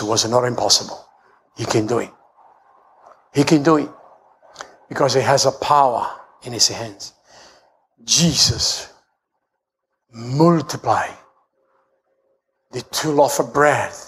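A middle-aged man pastor with an Italian accent, preaching a sermon in broken English and rising to shouts. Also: measured pace, pauses often. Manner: shouts and rises to high pitch when preaching; broken English, storytelling with humor.

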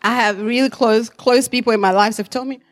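A woman's voice: a little high, fairly even intonation, fairly quick, faint music behind. Earnest woman sharing her testimony. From Africa. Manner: earnest and reflective, with light laughs. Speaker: church speaker giving testimony. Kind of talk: personal testimony to a congregation.

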